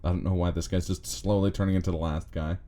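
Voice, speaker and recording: A man's voice: sits low, steady tone, quick pace, warm tone. A man streaming a story game, joking and mocking himself as he reads the characters aloud. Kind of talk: casual game commentary.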